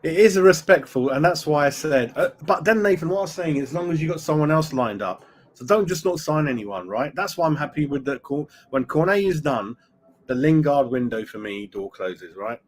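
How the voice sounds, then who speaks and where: A man's voice: a little high, lively intonation, brisk, a little hiss or hum. A middle-aged man hosts a fan live stream, chatting with viewers in an opinionated way and tagging lines with "mate" and "right?". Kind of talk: casual live-stream chat reading viewer comments.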